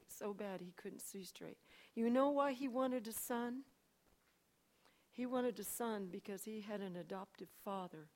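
Speaking to a church congregation, an older woman shares her personal testimony in a lowish voice. She moves back and forth between quiet asides and loud, lively storytelling.

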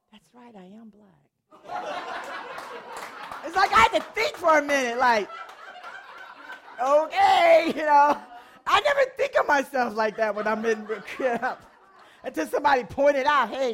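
Animated older woman preacher telling a story. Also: high voice. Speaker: pastor and worship leader. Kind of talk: sermon storytelling.

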